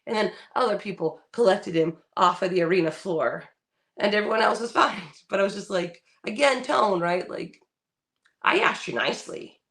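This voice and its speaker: A woman's voice: medium pitch, moderate pace, a bit bright. A woman co-hosting a casual podcast chat, telling a story bluntly, swearing freely and acting out what people said. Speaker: podcast co-host.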